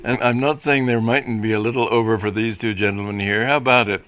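A man voicing a fawning middle-aged film mogul who coaxes and flatters in a quick, ingratiating way. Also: mid-range voice, natural voice. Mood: wheedling. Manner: coaxing, fast, ingratiating.

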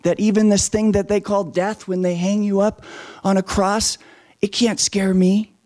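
A man voicing a gentle, reassuring male teacher in a storybook retelling, speaking softly and slowly. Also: high-pitched, little pitch movement, voice pushed up.

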